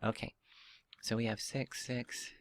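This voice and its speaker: A man's voice: mid-range voice, little pitch movement, a little slow, noisy background. A man giving a casual step-by-step 3D modeling tutorial while thinking aloud, with fillers and restarts. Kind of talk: casual screen-recorded software tutorial.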